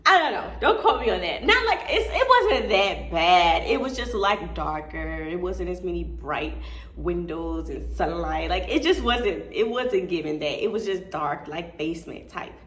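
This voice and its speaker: A woman's voice: fairly low pitch, very animated, a little slow, a bit bright. A young adult woman vlogger casually telling a candid story, chatty and full of fillers and laughter. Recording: echoey room with faint noise.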